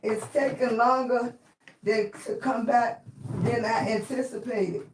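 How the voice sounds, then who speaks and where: A middle-aged woman with a hoarse, raspy voice hosts a casual livestream and talks at an unhurried, slow pace. She greets her viewers one by one and speaks to them affectionately and encouragingly. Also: on the high side, fairly even intonation, noisy background. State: hoarse, voice not fully back. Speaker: livestream host.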